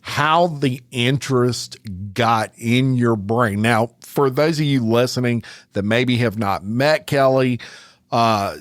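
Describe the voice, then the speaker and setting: A man's voice: medium pitch, takes it slowly, no room sound, clean studio sound. A middle-aged man hosting a podcast, chatting casually with a guest and laughing along. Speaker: podcast host. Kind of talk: conversational interview.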